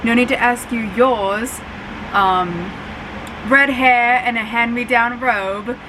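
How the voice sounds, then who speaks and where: A woman's voice: fairly high pitch, takes it slowly. A woman voicing a snarky, arrogant schoolboy wizard in a put-on British accent, with a fan humming behind her. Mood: sneering. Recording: steady fan hum behind.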